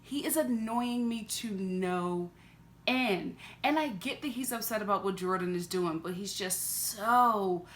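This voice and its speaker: A woman vlogger giving a casual, sassy review of a reality TV episode, chatty and quick to laugh, talking to her camera. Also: medium pitch, a little hiss or hum. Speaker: TV reaction vlogger.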